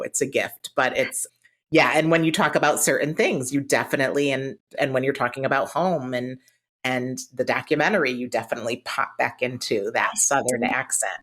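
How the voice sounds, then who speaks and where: A woman's voice: extremely low pitch, fairly bright tone. A woman hosting a podcast interview, asking questions and affirming her guest with frequent "mm-hmm" and "right". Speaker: podcast host. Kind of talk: casual interview chat.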